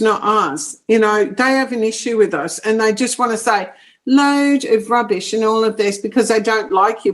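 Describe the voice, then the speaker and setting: Blunt, firm woman with a high voice. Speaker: psychic medium guest. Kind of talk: interview conversation.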